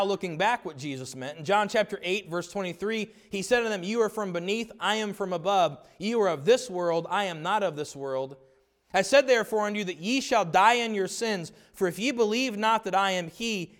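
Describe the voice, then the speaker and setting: High-voiced preacher, emphatic and earnest. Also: male voice. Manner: earnest, emphatic preaching with slow stressed repetitions; acts out quoted dialogue in changed voices. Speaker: pastor. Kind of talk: sermon.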